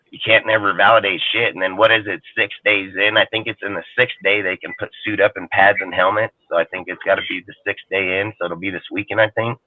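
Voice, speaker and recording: A man's voice: fairly low pitch, no room sound. A man talking football on a casual sports talk show, rambling, profane and heated. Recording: tinny phone-like line, dry.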